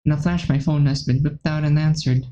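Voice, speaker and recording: A man's voice: on the high side, fairly quick. Man reading a visual novel aloud. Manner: steady first-person narration. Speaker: gaming YouTuber. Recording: dull lo-fi recording with faint music.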